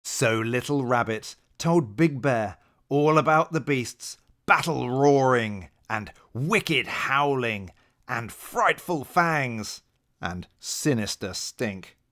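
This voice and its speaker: A man reading a children's picture book aloud at bedtime. He narrates at an unhurried pace, and his pitch rises and falls expressively. He tells the story gently. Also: expressive.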